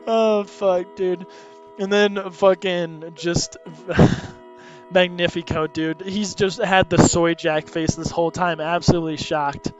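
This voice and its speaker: A man's voice: high-pitched, steady tone, takes it slowly. A young man reading a comic aloud in casual, laughing, profane commentary, on dull lo-fi audio. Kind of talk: casual read-along commentary. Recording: dull lo-fi audio, faint music.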